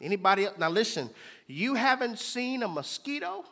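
A man preaching a sermon. He moves between hushed, whispered lows and loud, almost sung peaks. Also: sing-song, moderate pace. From Houston, Texas. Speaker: pastor. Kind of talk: sermon with prayer.

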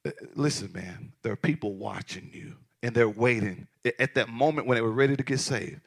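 A male pastor preaching a passionate sermon, swinging from shouted lines to hushed asides. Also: medium pitch, brisk, vocal fry, few pauses, husky.

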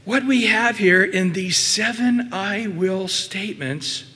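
A man preaching a sermon as pastor, emphatic, sinking to soft low asides and rising to loud, mimicking passages. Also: slow pace. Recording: long hall reverb.

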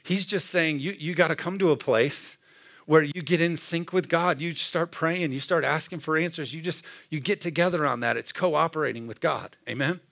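A man's voice: fairly high pitch, normal speed, gravelly, fairly bright tone. A middle-aged man preaching a sermon in a conversational style, often asking the room "Amen?". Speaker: pastor.

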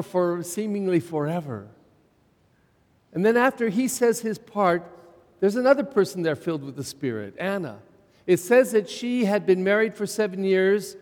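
A middle-aged man preaching from the pulpit in a fairly high voice, leaning on repetition and rhetorical questions. His words ring out with a long reverb through the church. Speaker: pastor. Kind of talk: sermon.

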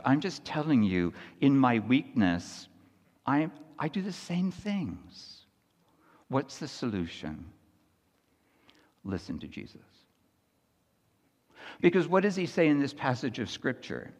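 A man delivering a sermon in a long-echoing hall, his voice sitting at an ordinary middle pitch. He talks to the congregation conversationally, dropping to near-hushed lines and then rising into loud, animated retelling. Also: unhurried, pauses often. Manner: conversational preaching, frequent "Right?" asides. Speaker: pastor.

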